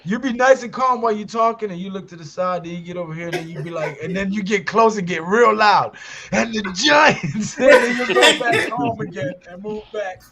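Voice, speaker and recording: A man hosting a fan talk show, telling stories in animated, slangy casual chat. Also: sits high, a little fast, hardly any pauses, a crowd in the background.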